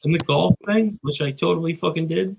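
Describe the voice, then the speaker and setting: A man's voice: a little high, fairly quick, creaky, lo-fi sound, slight background noise. A man in casual, crude banter with friends while gaming, teasing and swearing.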